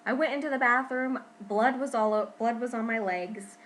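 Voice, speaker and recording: A young woman talking casually to her camera at home in a pregnancy vlog, chatty and expressive, often saying "freaking". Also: fairly high pitch, normal speed, a little hiss or hum, poor audio. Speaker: vlogger.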